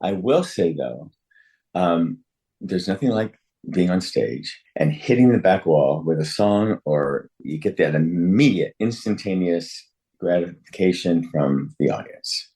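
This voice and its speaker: Very low-voiced man, animated guest. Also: unhurried. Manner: animated, self-correcting, laughs often. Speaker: guest actor. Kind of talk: remote interview.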